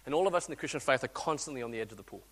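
A man, a guest preacher telling a story in a sermon, swinging between loud urging and quiet intimate speech. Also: medium pitch, lively intonation, rapid-fire, big-room sound. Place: church hall.

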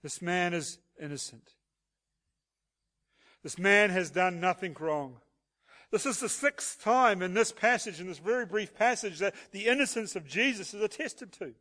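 Male pastor, higher register, walks the congregation through the text. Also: fairly bright tone. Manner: expository preaching with rhetorical questions. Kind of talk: sermon.

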